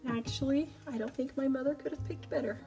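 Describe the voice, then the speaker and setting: A woman with a Kansas accent walks through a recipe in her home kitchen, chatting and joking as she goes. Her voice sits a little high, with soft music playing faintly behind her. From Kansas, USA. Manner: chatty, joking, laughs often. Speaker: cooking show host. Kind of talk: casual cooking demonstration.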